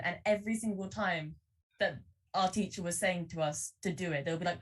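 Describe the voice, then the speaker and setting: A woman's voice: on the low side, brisk, distant mic. A young woman chatting as a podcast guest, laughing often and restarting her sentences. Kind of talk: casual podcast chat.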